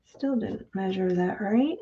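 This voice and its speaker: A woman's voice: medium pitch, unhurried. Chatty woman crafting on a lo-fi stream. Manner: chatty, thinks aloud while measuring and cutting. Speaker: crafting livestream host. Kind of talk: casual craft-along chat with viewers. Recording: dull, lo-fi home stream with clear background noise.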